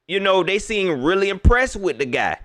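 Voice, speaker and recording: A man hosting a casual livestream sports talk show, animated and slangy, repeating himself as he talks straight to his viewers. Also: high voice, normal speed.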